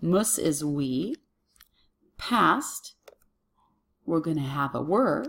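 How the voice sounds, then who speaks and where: Female teacher for a kids' video lesson, speaks slowly in a low register, patient and self-narrating. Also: expressive, gravelly, fairly bright tone, slightly rough. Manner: patient, talks herself through the worksheet. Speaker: Latin teacher.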